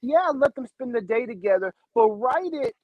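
A man's voice: extremely high pitch, expressive, moderate pace, highs cut off. A man co-hosting a casual movie review podcast, rambling and thinking aloud with many fillers. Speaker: podcast co-host.

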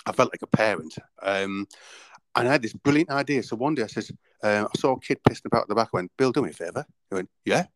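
A man's voice: on the low side, fast, a bit bright, dry recording, low-quality recording. A man hosting a casual podcast, telling rambling anecdotes and acting out the voices in them. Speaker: podcast host. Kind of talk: casual storytelling chat.

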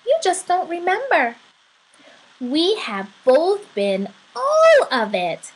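A kind, wise spirit companion from a storybook, voiced by a woman reading aloud, speaking slowly and tenderly. Its high voice stays reassuring and soft-edged. Each phrase is given room and care. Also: exaggerated voice, rough recording.

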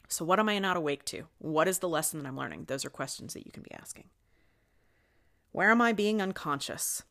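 A woman with a low-pitched voice hosts a confessional spiritual podcast on her own. She is middle-aged, candid and unfiltered, and swears freely. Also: a bit bright. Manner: candid, swears often, talks openly about her feelings. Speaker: podcast host.

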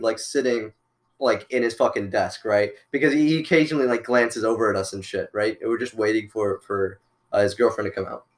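A young man in casual chat with a friend, telling a school story in a relaxed way, with lots of swearing. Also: medium pitch. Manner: laid-back, profane, with fillers and restarts.

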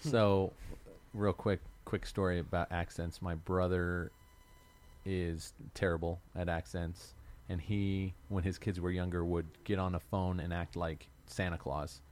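Deep-voiced man steering the chat. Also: flat delivery, unhurried, a little mellow. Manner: teasing, leads topics. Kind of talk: casual podcast chat.

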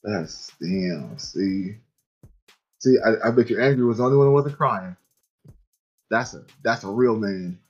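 Male co-host, husky voice, teasing sidekick, dull recording with faint music behind. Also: lowish voice, expressive, darkish tone. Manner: teasing, quick reactions and laughs. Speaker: podcast co-host. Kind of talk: casual chat.

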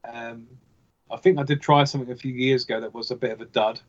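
Hesitant, flat-voiced man on a dull line. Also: medium pitch, fast talker. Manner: hesitant, many fillers and restarts. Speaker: podcast guest. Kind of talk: casual chat.

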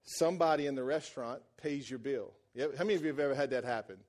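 A male pastor delivering a sermon in a lively, storytelling style. His mid-range voice swings from loud, excited bursts down to hushed, low passages. He keeps it colloquial and jokes with the congregation. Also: very fast.

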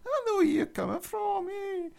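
A man voicing a camp, eager young Scottish man who asks excited questions. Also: extremely high pitch, moderate pace, vocal fry, pitched above the performer's own voice, heavily acted. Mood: earnest.

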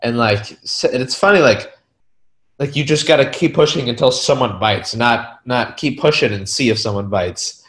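Male talker, mid-pitched, loose filler-heavy storytelling, animated retellings. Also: moderate pace. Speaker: real estate investor. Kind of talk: casual storytelling.

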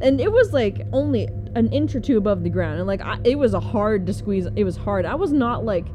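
A woman's voice: mid-range voice, big pitch swings, fairly quick, background noise. A young woman casually telling a personal story, rambling with lots of fillers and frequent laughter. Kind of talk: casual chat.

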